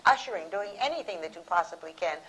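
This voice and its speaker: A woman's voice: on the low side, animated, quick pace, a bit bright, slight background noise, poor audio. A woman on a theatre panel firmly qualifying another speaker's advice. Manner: firm, qualifying. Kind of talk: panel talk.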